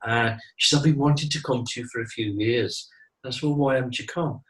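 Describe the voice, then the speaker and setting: A man's voice: medium pitch, brisk, far from the mic, low-quality recording. A middle-aged man who teaches mediumship, talking earnestly in a casual interview, repeating himself and saying "you know" a lot.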